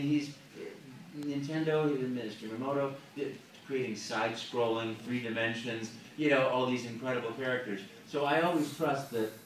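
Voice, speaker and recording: A man answering fan questions at a panel, animated, with many "you know"s and hummed tunes. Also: medium pitch, a little hiss or hum. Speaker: guest voice actor at a fan panel. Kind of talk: casual Q&A with an audience. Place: large convention hall. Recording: echoey hall recorded from far off.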